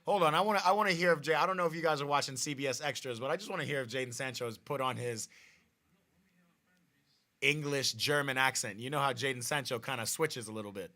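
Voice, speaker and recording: A man's voice: medium pitch, quick pace, pushed and bright. A man hosting a live football watch party, chatting casually and reading out viewer comments. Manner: chatty, restarts, reads viewer comments aloud.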